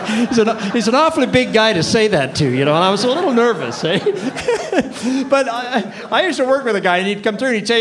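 An older man leads a sales training session with a voice that rises and falls a great deal and sits a little high for a man. He chuckles between points and acts out the people he quotes, switching into their voices. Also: big pitch swings, moderate pace, a bit bright. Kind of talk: training seminar talk.

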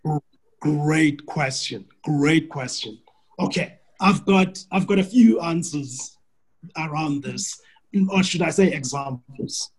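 A husky, slightly higher-voiced man coaches a client on a call. He talks in an animated, story-driven way and often restarts his sentences. His tone stays friendly and persuasive. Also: takes it slowly, poor audio. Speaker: business coach. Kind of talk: coaching call answering a question.

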